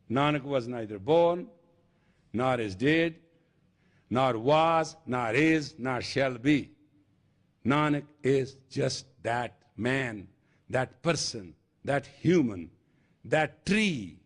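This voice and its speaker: A man's voice: medium pitch, expressive, drawn-out words, pauses often. An older man with an Indian accent, a spiritual teacher giving an emphatic storytelling sermon. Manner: storytelling with acted dialogue, emphatic. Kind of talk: lecture sermon.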